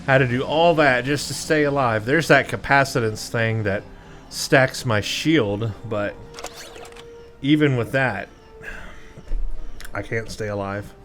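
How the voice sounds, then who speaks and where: A man's voice: mid-range voice, slow, long pauses, a bit bright, faint music behind. A man hosting a let's play, giving gameplay commentary in a self-deprecating, exasperated way.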